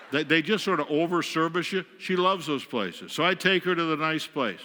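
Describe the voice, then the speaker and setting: A guest speaker from western New York tells wry, self-mocking stories about married life from the pulpit. His voice is bright and forceful. It rings with the long reverb of a church sanctuary. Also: a little high, lively intonation, brisk, few pauses. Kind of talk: humorous storytelling sermon.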